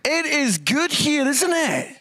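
A man's voice: very high-pitched, sing-song, slow, background noise. A middle-aged Scottish man preaching in a chatty, self-mocking way, telling funny stories that build to punchlines. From Scotland. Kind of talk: humorous storytelling sermon.

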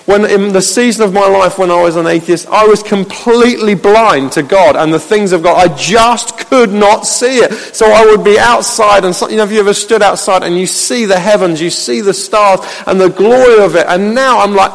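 A man preaching a sermon as pastor, conversational and anecdotal, moving between loud exclamations and hushed reflection. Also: high voice, normal speed, vocal fry, few pauses, big-room sound, rough recording.

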